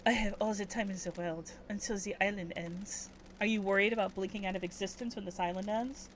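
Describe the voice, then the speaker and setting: A woman voicing a dead woman who calmly waits for justice, speaking in a put-on, admittedly poor French accent with a musing, teasing manner. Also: mid-range voice, brisk, slight background noise, natural voice. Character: dead woman awaiting justice, calm and philosophical.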